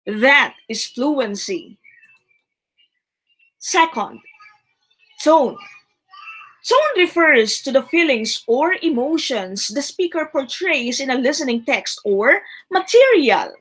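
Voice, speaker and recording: Woman teacher, high voice, unhurried and emphatic, repeats key terms for students. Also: animated, a bit bright, low-quality recording. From Philippines. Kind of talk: recorded classroom lesson.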